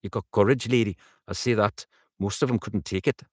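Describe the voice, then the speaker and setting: A man voicing a rough-voiced old woman working as a midwife, who talks bluntly. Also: lowish voice, fairly even intonation, a little fast, no echo, clean studio sound, lightly acted. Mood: gruff. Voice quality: rough, coarse. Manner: blunt, plain-spoken.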